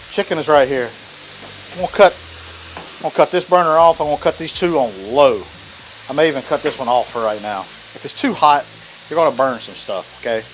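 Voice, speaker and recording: A man's voice: a little high, a little hiss or hum. A man, hosting a casual cooking demonstration in a folksy, chatty way. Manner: folksy, chatty, with many fillers. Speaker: cooking channel host. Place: outdoor griddle.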